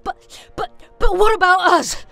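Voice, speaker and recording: A woman's voice: steady tone, a little slow, gravelly, sharp tone, soft background music, full character voice. Woman doing a panicky alien pilot. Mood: panicked. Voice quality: shrill, panicky.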